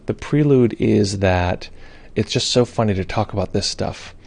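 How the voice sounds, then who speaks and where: A man's voice: on the low side, normal speed, creaky, darkish tone. A man hosting a meditation live stream, chatting casually, greeting viewers and reading their comments aloud, with many fillers. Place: home or studio in Brooklyn.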